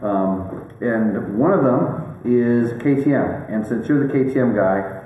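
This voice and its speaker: A man's voice: medium pitch, lively intonation, unhurried, narrow, tinny audio. A man hosting a casual chat, rambling and joking with lots of fillers and restarts. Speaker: host. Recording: very echoey room, faint background noise.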